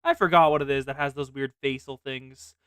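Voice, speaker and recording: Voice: mid-range voice, steady tone, fairly quick, fairly bright tone, clear, resonant tone, dry recording. Dry, chatty streamer commentary. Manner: chatty, rambling asides. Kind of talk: casual commentary on a game.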